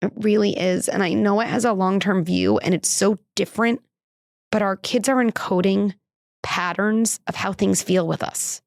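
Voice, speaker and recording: Candid woman with a gravelly edge. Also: fairly even intonation, normal speed, darkish tone, no room sound, clean studio sound. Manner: candid and conversational, many "like" fillers; acts out quoted dialogue with lifted pitch. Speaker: parenting psychologist and podcast host. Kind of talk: podcast monologue, personal story.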